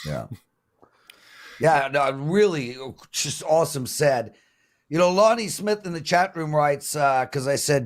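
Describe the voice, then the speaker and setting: A man's voice: medium pitch, normal speed. A man hosting a sports betting show, chatty and mocking as he reads out viewer comments and answers them. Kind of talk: casual panel talk.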